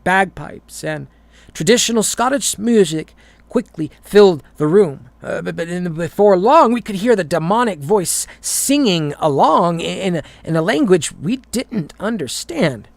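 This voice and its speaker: A man's voice: sits high, lively intonation, a little slow, creaky, no room sound. A man reading a horror story aloud, often stumbling and repeating words.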